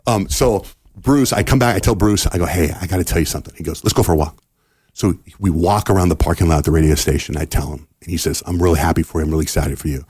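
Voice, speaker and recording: Deep husky-voiced man telling a story. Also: fast talker, no echo, clean studio sound. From United States. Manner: animated storyteller acting out quoted dialogue. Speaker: radio host guest. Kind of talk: casual storytelling in a podcast interview.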